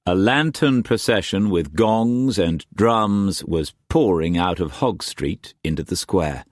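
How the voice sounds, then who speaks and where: A man reading a historical novel aloud as narrator, measured and dramatic. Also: deep voice, animated, no room sound, clean studio sound. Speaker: audiobook narrator.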